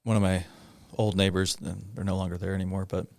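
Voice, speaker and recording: A middle-aged man, a police officer guest, recounting a personal story in a halting way, with many pauses, fillers and rueful laughs. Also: sits low, flat delivery, vocal fry, a little mellow, no echo, clean studio sound. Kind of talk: conversational storytelling in a podcast interview.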